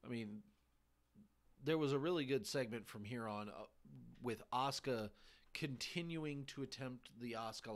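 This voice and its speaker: A man hosting a podcast, giving a casual recap of a televised show in a halting way, pausing between short phrases. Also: mid-range voice, fairly bright tone. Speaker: podcast host.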